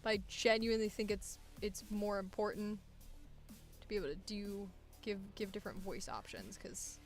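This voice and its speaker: A woman's voice: medium pitch, moderate pace, soft background music. A young woman voice actor chatting to herself casually while working, muttering at her computer and swearing now and then.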